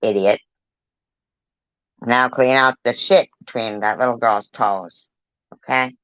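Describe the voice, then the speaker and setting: A woman's voice: rumbling low, fairly even intonation, slow pace, fairly bright tone, no echo, lo-fi sound. A woman giving angry reaction commentary on a clip, scolding and cursing with blunt insults.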